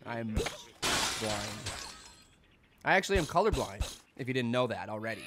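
A young man hosting a video game let's play, rambling goofily and suddenly yelling a silly word. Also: mid-range voice, big pitch swings, a little slow, heavy background noise. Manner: goofy, rambling, randomly yells a silly word. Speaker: gaming channel host.

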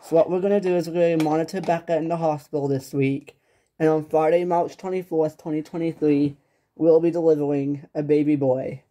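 A woman plays a businesslike female doctor in a toy-figure home drama, with a lowish, mellow voice. She explains plainly, with small hesitations. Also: steady tone, brisk, close to an everyday voice. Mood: explaining. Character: matter-of-fact hospital doctor, woman.

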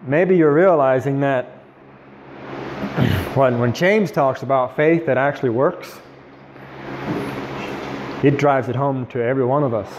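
A man leading an informal Bible study, chatting with the group and slowing down to quote scripture. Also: mid-range voice, background noise. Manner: conversational, quoting scripture slowly.

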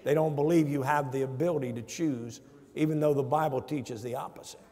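A man's voice: medium pitch, fairly even intonation, brisk, warm tone. A man, a pastor, preaching a sermon emphatically and putting rhetorical questions to his congregation in a church. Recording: long church reverb.

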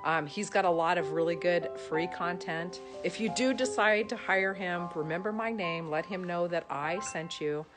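A woman's voice: on the low side, moderate pace, few pauses. A woman giving an emotional testimonial about her coach, gushing and rambling with many fillers. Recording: music playing under the voice.

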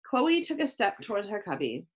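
A woman reading a children's chapter book aloud in a slow, expressive storytelling manner. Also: medium pitch, breathy edge.

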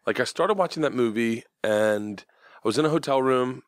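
A comedian man in his forties, a podcast guest telling stories in a high-energy, swearing way, with sudden shrieks and acted quotes. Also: normal speed, dry recording, clean studio sound. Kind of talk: casual podcast chat.

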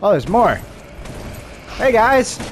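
Excitable high-voiced male gamer. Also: takes it slowly. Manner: excitable, yelps and shouts during fights. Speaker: game streamer. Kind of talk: let's-play commentary. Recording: noisy game audio behind the voice.

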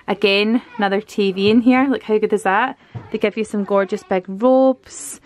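A woman's voice: medium pitch, slight background noise. A Scottish woman in her thirties giving a chatty, enthusiastic walkthrough tour of a converted canal barge as a family vlogger, filled with "like".

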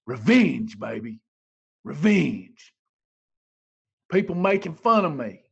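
A man's voice: on the high side, very animated, slow, gravelly, pauses often, a bit bright, slightly rough. A man giving a motivational livestream talk, preachy and emphatic, hammering home points by repeating his phrases. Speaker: motivational speaker.

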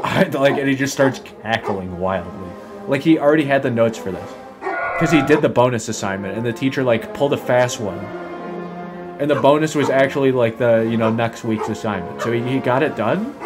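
A man doing casual gameplay commentary, rambling and swearing, with a lot of laughing and "like" fillers. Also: medium pitch. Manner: rambling, swears often, fills with "like"; laughs often while talking. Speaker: gaming video host. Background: game music.

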